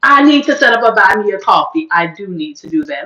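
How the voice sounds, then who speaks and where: A woman hosting a casual livestream, chatting to her viewers in an animated, churchy manner while her voice is just recovering. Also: mid-range voice, brisk, hardly any pauses, reverberant, muffled recording. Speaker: host.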